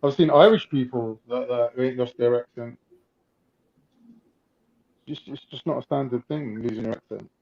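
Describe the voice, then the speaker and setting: A man's voice: mid-range voice, moderate pace, vocal fry, long pauses, a little mellow, lo-fi sound. A man with a North London accent in casual chat, telling stories animatedly.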